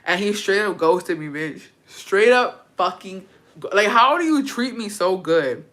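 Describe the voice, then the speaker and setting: A woman's voice: medium pitch, lively intonation, unhurried, a bit bright. A young adult woman telling a story in a casual vlog chat, brash and profane, dramatic, and dropping in Spanish phrases. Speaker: vlogger.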